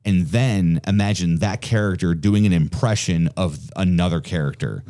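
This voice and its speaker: A man co-hosting a podcast in casual chat, eager and quick in bursts, swearing casually. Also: sits low, dark tone. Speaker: podcast co-host.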